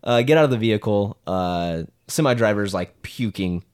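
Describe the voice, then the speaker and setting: A man's voice: on the low side, lively intonation, normal speed, darkish tone, clean tone. A young man co-hosting a podcast, telling rambling anecdotes full of fillers and laughing often in casual chat. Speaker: podcast co-host.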